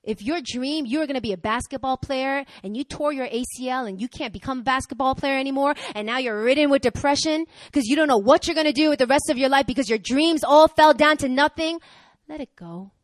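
A young woman preaching a sermon, conversational and energetic, swinging from loud exhortation to quiet asides. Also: sits high, quick pace, hardly any pauses, dry recording.

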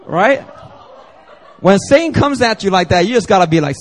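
A man's voice: high-pitched, expressive, normal speed, long pauses. Joking conversational male pastor. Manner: conversational, joking, acts out dialogues. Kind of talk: sermon. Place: church service.

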